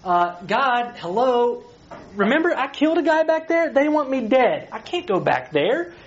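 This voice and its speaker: A man voicing a startled, doubting shepherd who pleads and rises in pitch as he retells a story. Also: very animated, moderate pace. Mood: incredulous. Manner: incredulous, pleading, rising in pitch. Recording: slightly dull recording.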